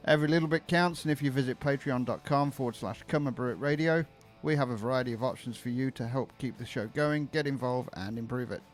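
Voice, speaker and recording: A man's voice: mid-range voice, quick pace, few pauses, faint music behind. A man co-hosting a beer podcast, reading the show intro in an upbeat radio-style delivery. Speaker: podcast co-host. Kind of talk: reading a show intro, then casual chat. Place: brewery studio.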